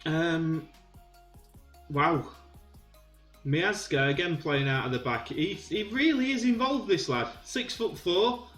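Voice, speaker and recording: A man's voice: on the high side, takes it slowly, pauses often, roomy sound, faint music behind. Chatty Yorkshire man narrating his game. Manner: chatty, self-commentating with frequent ums, bursts of excitement. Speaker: gaming YouTuber. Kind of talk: playing and commentating on a football management game.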